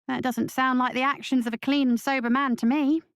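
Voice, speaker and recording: A woman's voice: high voice, little pitch movement, brisk, clean tone, no room sound, studio quality, voice pushed up. A woman voicing a skeptical motherly woman.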